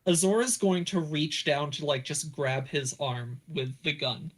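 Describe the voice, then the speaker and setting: Tabletop player, a man with a slightly high voice who rambles through his moves. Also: unhurried. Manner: rambling, many fillers. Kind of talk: casual tabletop game play.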